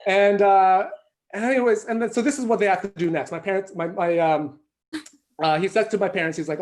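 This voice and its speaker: Guy doing a standup story over a video call from his house, lively and foul-mouthed, pokes fun at himself. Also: high-pitched, a little fast. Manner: animated, profane, self-mocking storyteller. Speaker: stand-up comedian. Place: at home.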